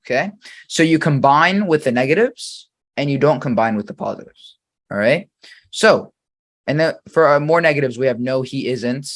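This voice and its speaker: A male English teacher walks through grammar examples in a patient, deliberate way. He reads each sample sentence slowly and then quizzes the listener on it. His voice sits at an ordinary middle pitch. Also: animated. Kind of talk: grammar lesson.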